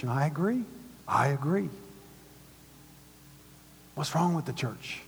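A man preaching a sermon to his church, with call-and-response and swings from hushed to loud. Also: mid-range voice, moderate pace, pauses often, slight background noise. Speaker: pastor. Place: synagogue hall used by a church. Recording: long reverb of a large hall.

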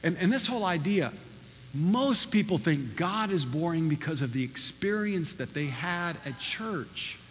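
Male pastor, emphatic sermon delivery, high bright voice, long church reverb with faint room noise. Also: measured pace. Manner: animated, emphatic preaching. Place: church hall.

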